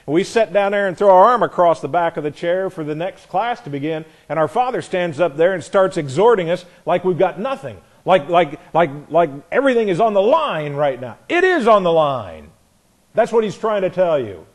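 In a high-pitched, very animated voice at a moderate pace, a man leads a Bible class with earnest emphasis. He stacks repeated phrases and keeps restarting and correcting himself partway through sentences.

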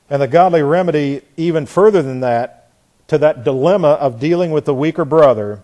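Male preacher, slightly high voice, emphatic Bible teaching, repeats phrases for weight. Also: a little slow, long pauses, mellow. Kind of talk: expository sermon.

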